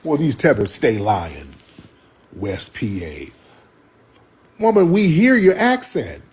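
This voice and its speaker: A man's voice: mid-range voice, wildly swooping pitch, slow, a little hiss or hum. A man hosting a live stream, talking emphatically and repeating his points for effect. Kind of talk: heated livestream commentary.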